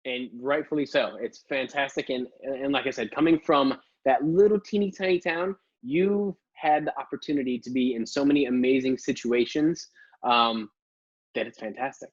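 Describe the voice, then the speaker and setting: A man's voice: mid-range voice, moderate pace, muffled recording. A man hosting an interview show, praising his guest and prompting her to tell her story. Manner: warm, complimentary interviewer with short backchannels. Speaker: podcast host. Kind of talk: casual interview.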